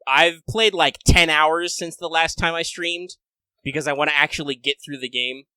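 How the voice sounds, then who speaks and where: Animated swearing man, bright voice. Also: on the high side, smooth, dry recording. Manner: animated, swearing, quick impressions. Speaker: podcast co-host. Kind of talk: casual chat.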